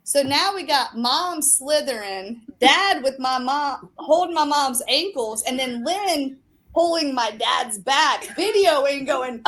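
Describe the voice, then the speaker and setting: A woman in casual chat, telling an animated story full of fillers. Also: high-pitched, slow pace. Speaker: show regular and storyteller.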